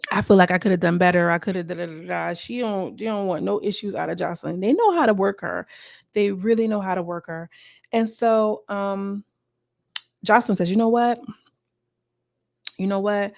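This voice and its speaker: A woman's voice: on the low side, gravelly, darkish tone, dry recording, clean studio sound. A young woman giving a casual, gossipy recap of a reality show, acting out what the cast said. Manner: chatty, gossipy, acts out quotes from the cast.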